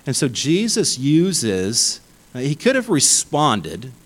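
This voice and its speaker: A man's voice: medium pitch, slow pace, poor audio. A male pastor delivers a sermon in an emphatic, conversational way. His voice rises and falls widely, and he often stumbles and restarts his phrases. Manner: animated, emphatic, many restarts.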